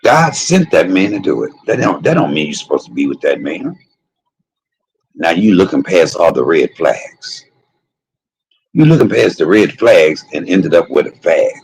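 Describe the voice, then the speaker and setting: A man's voice: low-pitched, big pitch swings, normal speed, gravelly, a little mellow, breathy edge, low-quality recording. An older man hosting a live food stream who drifts into emphatic, folksy preaching. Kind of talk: mukbang stream talk turning into preaching.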